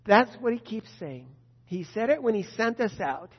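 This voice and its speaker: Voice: medium pitch, lively intonation, moderate pace, slightly rough, dull audio. Preacher telling Bible stories in an echoing hall. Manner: storytelling with rhetorical questions, addresses a disciple directly. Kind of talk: sermon on scripture.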